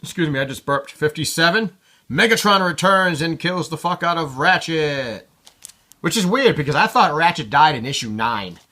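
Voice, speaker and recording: A man's voice: on the high side, animated, moderate pace, pushed and bright. A man casually talking through his comic collection, offhand and irreverent, swearing freely. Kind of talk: casual commentary.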